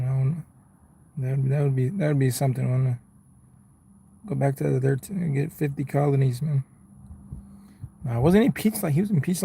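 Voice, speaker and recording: A man's voice: on the high side, gravelly, warm tone, a little hiss or hum. A man, chatting casually with his viewers on a live stream from his car, laid-back and rambling, calling people bro and man. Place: inside a car.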